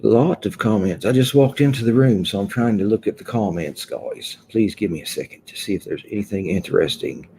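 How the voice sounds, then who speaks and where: A man's voice: on the low side, a little fast, vocal fry, few pauses, dark tone, a little hiss or hum. A man hosting a casual livestream, chatting loosely and greeting viewers one by one from an indoor room. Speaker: livestream host. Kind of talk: casual live chat with viewers.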